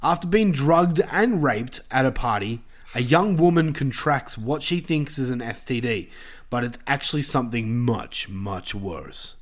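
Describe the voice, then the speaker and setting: A man's voice: medium pitch, animated, unhurried. A man hosting a podcast, chatting loosely with lots of fillers and casual swearing. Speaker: podcast host.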